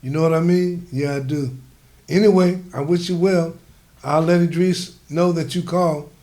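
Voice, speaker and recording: A man reading a calm, matter-of-fact woman. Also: low-pitched, normal speed, lightly acted. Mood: measured.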